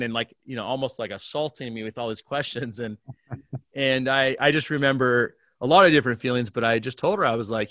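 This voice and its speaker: Animated man telling a church story. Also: fairly quick, no room sound, studio quality. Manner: animated storyteller, acts out dialogue with big jumps in pitch and volume. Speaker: pastor, guest. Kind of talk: storytelling in a remote conversation.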